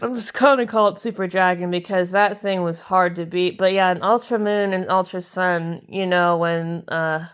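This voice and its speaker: A young woman with a lowish, clean voice and fairly even intonation talks at a moderate pace with hardly any pauses. Hosting a card-collecting video, she chats casually while opening trading card packs, giggling and gushing over the cards she likes.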